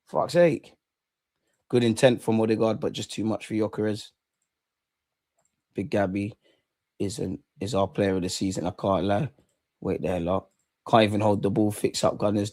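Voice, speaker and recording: A young man hosts a live football watch-along. His voice sits a touch high, and he swings between worked-up shouting at the referee and pleading with his team to calm down. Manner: excitable, swears at the referee, urges calm. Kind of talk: live match reaction commentary.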